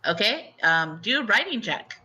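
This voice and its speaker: Woman game master, giggly, chatty, bright voice, dull lo-fi voice chat. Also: medium pitch, big pitch swings, moderate pace, slight background noise. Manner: chatty, giggly, filler-heavy. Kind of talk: running a tabletop game over voice chat.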